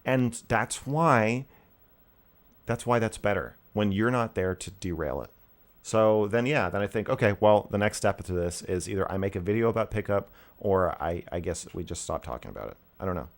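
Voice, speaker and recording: A man hosting a call-in stream, ranting in casual, exasperated talk that swears often, flaring loud and then dropping low. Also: normal speed.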